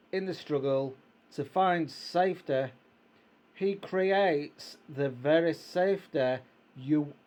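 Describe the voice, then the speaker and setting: A middle-aged man slowly and gently reading aloud from a Christian devotional, quoting scripture. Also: fairly high pitch. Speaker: reader of a devotional book.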